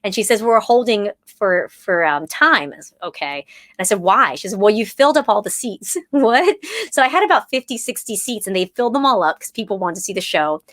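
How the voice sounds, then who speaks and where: Animated woman telling her story. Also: brisk, dry recording. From United States. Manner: animated, quotes herself and others with lively pitch jumps. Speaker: actress and playwright. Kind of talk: casual storytelling.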